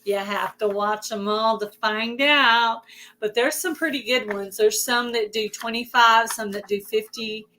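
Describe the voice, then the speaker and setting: A woman with a Southern US accent hosting a casual livestream chat. Her voice is hoarse, and she chats away and greets viewers by name. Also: on the high side, steady tone, a little slow, sharp tone, a little hiss or hum. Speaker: host of a livestream.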